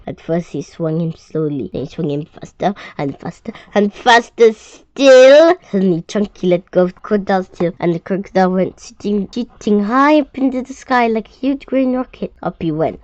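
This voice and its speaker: Woman reading a kids' storybook, animated, mid pitch, with dry, slightly muffled home-recording sound. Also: no echo. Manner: expressive, loud character voices, stumbles and restarts. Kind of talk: children's read-aloud.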